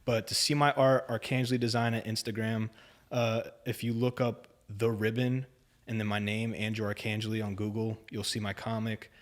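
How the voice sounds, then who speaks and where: A man's voice: lowish voice, flat delivery, normal speed. A young man, a podcast guest, telling a story in a casual, rambling way, full of "like" and "dude". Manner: rambling, filler-heavy, says "like" and "dude" often.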